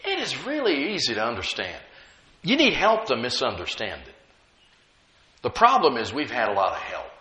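A man preaching a sermon, emphatic and humorous, slowing down to stress key words. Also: medium pitch, wildly swooping pitch, bright, forceful tone, roomy sound, low-quality recording. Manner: emphatic, slows down to stress key words, chuckles at own jokes.

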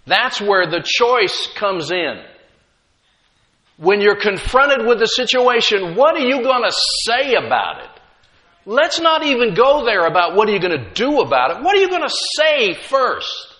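A middle-aged man preaching a sermon with emphatic delivery, rising loud then dropping quiet, and slipping in humorous asides. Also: sits high, sing-song, unhurried. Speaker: pastor.

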